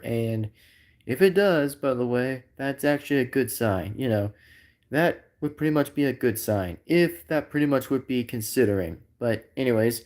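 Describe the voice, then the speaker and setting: A man hosting a live stream talks loosely and at length, circling back over the same points and leaning on filler phrases. His voice sits a little higher than most men's. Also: darkish tone. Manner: rambling and repetitive, full of filler phrases. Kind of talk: unscripted live stream chat.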